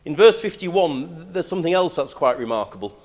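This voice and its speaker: A man preaching a sermon, emphatic, moving between loud declarations and hushed lines. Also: fairly high pitch, animated, brisk.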